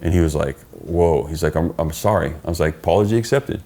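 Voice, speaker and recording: A middle-aged man, a podcast guest, telling stories in casual chat, profane and animated as he acts out what people said. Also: sits low, brisk. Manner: profane, animated storyteller acting out quoted dialogue.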